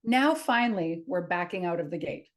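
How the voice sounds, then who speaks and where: A woman's voice: lowish voice, moderate pace. Chatty woman telling a story. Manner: animated, acts out quotes, laughs often. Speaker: podcast co-host. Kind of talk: casual storytelling chat.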